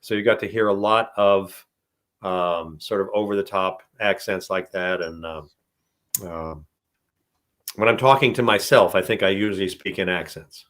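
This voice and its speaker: A man's voice: sits low, normal speed, a bit bright. An older male voice actor answering questions in a casual, rambling way, laughing often. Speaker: voice actor guest. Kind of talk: casual live-stream Q&A.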